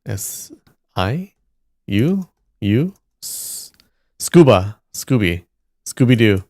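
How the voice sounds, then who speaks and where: Man, live streamer, muttering to himself, very slow, dry close sound. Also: lowish voice, big pitch swings, dark tone, no room sound. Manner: slow, thinking aloud, sounding out syllables. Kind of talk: casual muttering while solving a word puzzle.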